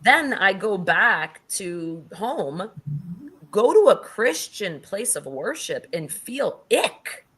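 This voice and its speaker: Animated woman telling a personal story. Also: mid-range voice, takes it slowly, breathy edge. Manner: animated, swears casually, quotes people in acted voices. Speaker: guest. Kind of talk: casual interview storytelling.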